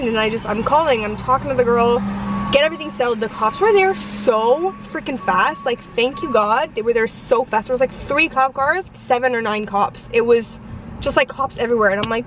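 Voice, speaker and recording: A woman's voice: on the high side, brisk. Chatty young woman, distant with traffic. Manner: rambling, heavy use of "like" and "you guys". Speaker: vlogger. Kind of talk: casual storytime chat.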